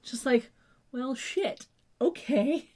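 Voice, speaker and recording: A woman's voice: high voice, takes it slowly, mellow. A young woman co-hosting a podcast in a slightly raised voice. She rambles through a casual recap, describing scenes in detail and dropping the odd swear word along the way. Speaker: podcast co-host.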